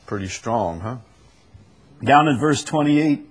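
A man's voice: fairly low pitch, lively intonation, measured pace, slightly rough. A man preaching a sermon and reading scripture aloud, earnest and rising to emphasis on the verses.

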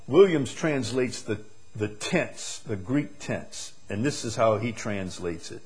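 A man's voice: medium pitch, animated, slow pace, darkish tone. A man preaching a sermon as pastor, emphatic and building his points through repeated phrases. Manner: emphatic, repetitive preaching cadence.

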